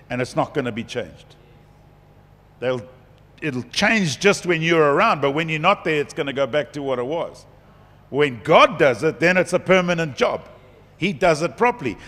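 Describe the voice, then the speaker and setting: A middle-aged man preaching a conference sermon as a pastor, chatty and lively, laughing between points. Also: fairly high pitch. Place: large conference hall. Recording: long hall reverb.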